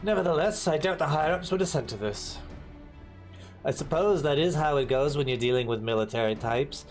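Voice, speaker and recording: Measured, wary officer, a man reading the part with a noticeably higher voice. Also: faint music behind, close to an everyday voice. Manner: clipped, formal speech.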